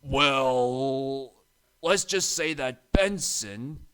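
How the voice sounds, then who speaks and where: A man's voice: medium pitch, drawn-out words, fairly bright tone, clean tone. Man doing a sneering sly diesel. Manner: sneering, drawn out.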